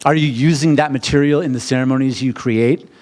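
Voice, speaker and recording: A middle-aged American man speaks as a wedding officiant presenting at a seminar. His delivery is theatrical and animated. He often rises sharply in pitch and volume when he poses questions to the room. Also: fairly quick. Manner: animated and theatrical, swings to loud high questions. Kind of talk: presentation to a live seminar audience.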